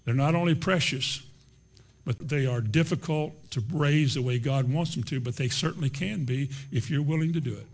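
Man preaching, middle-aged, fairly high voice, emphatic, repeats his points, folksy delivery. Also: normal speed. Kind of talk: sermon.

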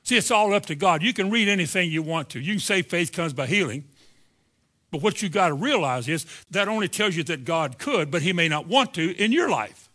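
A man's voice: sits high, animated, a little fast, pushed and bright. A man preaching a sermon at a church service, emphatic and sometimes sarcastic, firing rhetorical questions at his listeners. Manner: sarcastic asides.

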